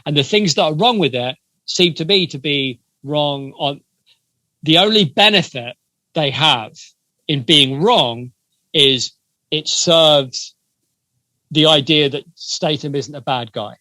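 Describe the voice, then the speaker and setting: A man with a bright, fairly high voice, thinking out loud about a film on a podcast. He talks reflectively, pausing and restarting. The sound is dry and close. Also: no echo. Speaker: podcast co-host. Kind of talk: casual film discussion.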